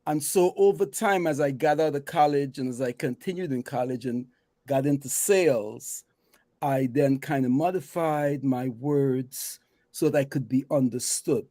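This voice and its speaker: A man with a Guyanese accent chatting about his experience, reflective and lively when he tells stories. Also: fairly high pitch, dry recording. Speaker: guest. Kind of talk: casual chat, storytelling.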